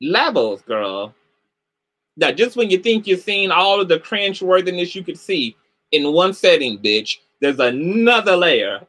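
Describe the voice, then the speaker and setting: A middle-aged man hosting a livestream commentary show, animated and sassy, swearing heavily and greeting viewers by name. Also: high voice, measured pace.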